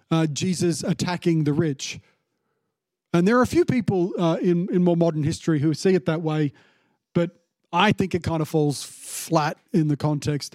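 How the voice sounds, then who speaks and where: A man's voice: high voice, a little mellow, no echo. A man giving a casual, conversational sermon, chatty with many fillers and restarts, now and then acting out lines in a mock-indignant tone. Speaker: preacher.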